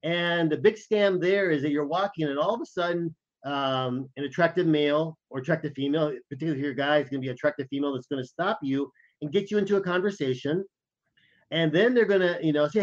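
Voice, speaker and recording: Lively male podcast co-host, muffled audio. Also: fairly high pitch, fast. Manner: animated anecdotes, acts out quoted lines. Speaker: podcast co-host, former intelligence officer. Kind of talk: casual podcast storytelling.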